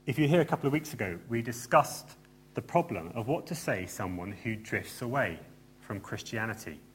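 A man's voice: mid-range voice, lively intonation, moderate pace, fairly bright tone, breathy edge. A man preaching a sermon in a church, earnest and emphatic, with light asides to the congregation.

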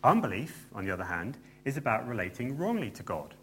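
Animated male preacher with a faint hum. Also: mid-range voice, brisk. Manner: earnest, emphatic, with light asides. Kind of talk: sermon.

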